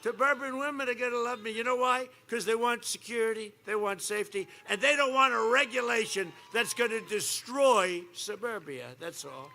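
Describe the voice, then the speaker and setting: A man in his seventies giving a campaign rally speech, boastful and repetitive, swinging from quiet asides to loud attacks. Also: very high voice, normal speed, gravelly, few pauses. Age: 70s. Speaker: rally speaker. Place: outdoor rally stage. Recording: faint background noise at an outdoor rally.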